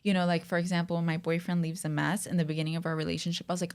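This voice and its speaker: Podcast guest, woman, slightly low pitch, quick conversational delivery. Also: steady tone, clear, resonant tone. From Colombian family. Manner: quick, chatty, peppered with "like".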